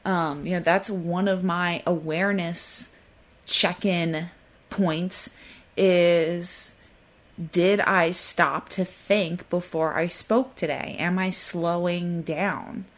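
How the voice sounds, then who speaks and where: Podcast host, woman, lowish voice, quick and excitable, chatty and candid. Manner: fast, excitable talker who slows herself down; mimics flustered apologies in a high voice. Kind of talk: casual solo podcast talk.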